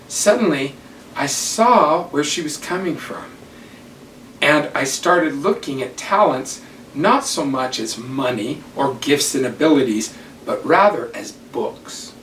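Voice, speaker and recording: An older man gives a devotional talk, taking his time with each story and weighing every phrase. His voice sits a little high for a man. He is heard from some distance in a roomy space with faint background hum. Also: expressive, a bit bright. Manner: slow, deliberate storytelling. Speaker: church teacher. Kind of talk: devotional talk with personal stories.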